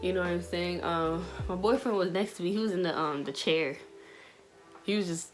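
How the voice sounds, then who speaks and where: A woman's voice: on the low side, normal speed, faint music behind. A young woman vlogger telling a personal story in a casual, slangy way, full of fillers. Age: young adult. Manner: chatty, slangy, many fillers.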